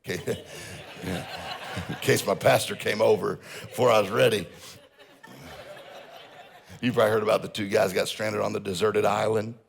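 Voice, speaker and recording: A man's voice: fairly low pitch, steady tone, moderate pace, creaky, pauses often. A man giving a humorous motivational seminar talk, telling stories and joking with a church audience. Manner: storytelling, jokes with audience. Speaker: motivational speaker.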